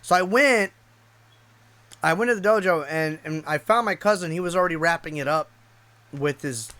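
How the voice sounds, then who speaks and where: A man's voice: a little high, normal speed, sharp tone, no echo. Rambling, swearing man telling a story. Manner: rambling and profane, with frequent restarts. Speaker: YouTube streamer. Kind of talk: casual personal storytelling.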